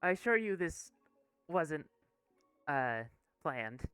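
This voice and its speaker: A man voicing a tiny, excited male monkey who works as a train conductor, in a high-pitched, eager and politely formal voice. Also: slow, clear, resonant tone, no room sound, soft background music, exaggerated voice.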